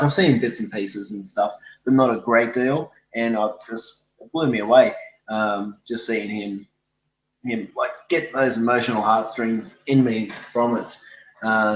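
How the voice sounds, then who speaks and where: A young man with an average-pitched voice, co-hosting a casual film chat and easing into his opinions with plenty of ums. The room around him sounds echoey. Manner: easygoing, hesitant, many fillers. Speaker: film review podcast co-host. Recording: roomy echo.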